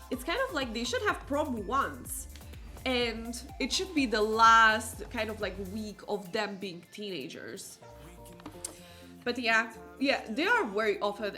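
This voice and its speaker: Excitable woman streamer, high lively voice. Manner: chatty, excitable, rambling with fillers. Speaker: let's play streamer. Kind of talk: gameplay commentary.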